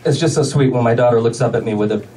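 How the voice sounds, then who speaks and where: A man doing a stand-up comedy set, delivering deadpan one-liners with pauses for laughs. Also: medium pitch. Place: comedy club stage with a laughing audience. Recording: distant club recording with loud crowd noise.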